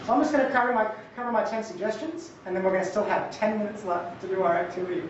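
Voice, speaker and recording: A man giving an academic conference talk in a conversational, lively way with jokey asides. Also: sits high, racing, slight background noise. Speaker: conference presenter. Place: lecture hall. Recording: echoey hall, distant mic, dull sound.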